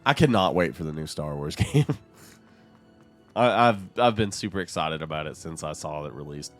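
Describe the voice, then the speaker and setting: A man's voice: a bass voice, lively intonation, normal speed, faint music behind. A man chatting casually while streaming a game, rambling between topics and laughing often. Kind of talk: casual chat while gaming.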